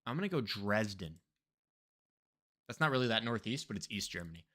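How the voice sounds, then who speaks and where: A young man streaming himself playing a geography guessing game, excitable and swearing freely, with loud outbursts. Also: lowish voice, brisk. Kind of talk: live-stream reaction commentary.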